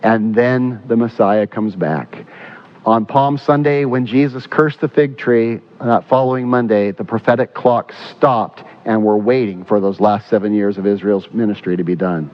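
Lo-fi recording of a preaching pastor. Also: male voice, mid-range voice. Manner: asks the congregation questions and answers them himself; slows down to stress key points. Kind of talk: sermon. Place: church.

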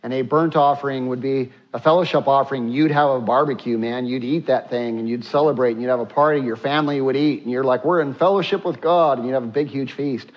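Male pastor, mid pitch, preaching with lots of uhs, slightly muffled recording. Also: steady tone, fast talker, hardly any pauses. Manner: preaching with frequent filler sounds, acting out prayers in a hushed voice. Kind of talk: sermon.

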